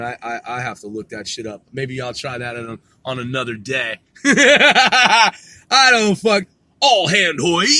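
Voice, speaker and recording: A man's voice: a little high, pushed and bright. A man hosting a podcast in a casual, rambling monologue, laid-back and profane, chuckling often. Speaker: podcast host.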